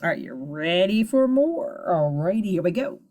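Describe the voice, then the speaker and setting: A woman teacher giving a phonics lesson to children, sounding out syllables slowly and encouragingly. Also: fairly low pitch, sing-song, darkish tone.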